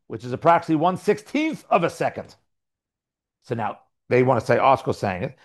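Male Talmud teacher, slightly high voice, lively lecture that answers its own questions. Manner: lively explaining, asks and answers own questions, reads aloud.

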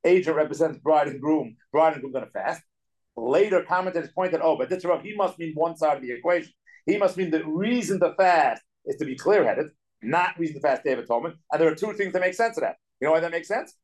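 A man teaching a casual Torah study class as a rabbi, animated and acting out the quotes he explains. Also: a little high, rough recording. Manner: animated, acts out quotes, talks in quick bursts.

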